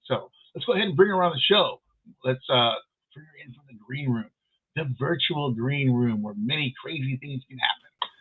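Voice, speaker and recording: A man's voice: mid-range voice, lively intonation, moderate pace, breathy edge. Chatty male host on a tinny line. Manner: chatty, rambling with fillers. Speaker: podcast host. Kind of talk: casual show hosting.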